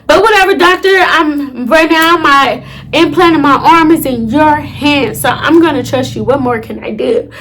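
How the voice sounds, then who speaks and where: High-voiced woman telling a dramatic story. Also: normal speed, slight background noise. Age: late 20s. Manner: dramatic, animated retelling with slang and asides to viewers. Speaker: storytime vlogger. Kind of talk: casual storytelling to camera.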